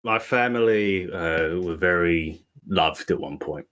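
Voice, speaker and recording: A man playing a tabletop game, relaxed and a little hesitant. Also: low-pitched, slow. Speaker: player. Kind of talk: casual tabletop play.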